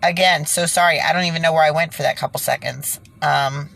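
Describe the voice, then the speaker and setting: Low-voiced woman ranting and reading aloud. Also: moderate pace, a bit bright. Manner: exasperated, stumbles and restarts when reading. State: foggy from being sick. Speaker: online commentator.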